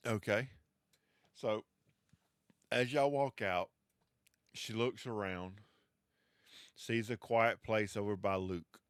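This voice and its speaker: A man runs a tabletop game, narrating at a slow, easygoing pace with a drawl and a few casual fillers. His voice sits mid-range and sounds close and dry. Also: lowish voice, fairly even intonation, clear, resonant tone, no room sound. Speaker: game master.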